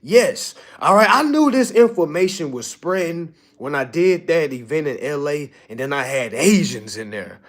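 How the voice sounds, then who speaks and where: A man's voice: a little high, moderate pace, few pauses. A man teaching a seminar, talking casually and with lots of energy to a live audience, often swearing and checking in with the room. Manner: animated, profane, keeps asking "all right?". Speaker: seminar instructor.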